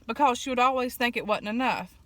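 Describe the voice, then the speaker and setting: Woman vlogger, casual eat-with-me chat, folksy storyteller, slightly raised pitch. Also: fast talker, a bit bright, no echo. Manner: folksy storytelling with fillers and throat clearing.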